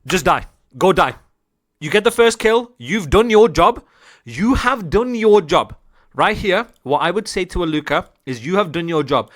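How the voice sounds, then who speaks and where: A man, an esports coach, breaking down gameplay for viewers in an excitable, repetitive, profane way, joking as he goes. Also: sits high. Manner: laughs and jokes while analysing.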